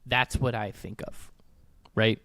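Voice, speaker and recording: A man co-hosting a motorsport podcast, starting with halting restarts and then talking emphatically. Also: on the low side, fairly even intonation, bright, forceful tone, no echo. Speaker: podcast co-host. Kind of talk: casual motorsport podcast chat.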